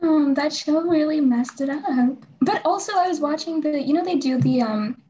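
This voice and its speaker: A woman's voice: high-pitched, moderate pace, warm tone. A woman from Canada co-hosting a podcast, chatting casually, giggly and rambling with lots of "like". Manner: giggly, rambling, heavy use of filler "like". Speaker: podcast co-host. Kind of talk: casual chat. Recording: slightly dull lo-fi sound with faint noise.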